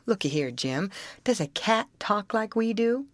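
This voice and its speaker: A woman's voice: mid-range voice, lively intonation, unhurried, no room sound, close to an everyday voice. Woman voicing a patient reasoning young boy. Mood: explaining. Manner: plain, explaining. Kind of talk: audiobook reading.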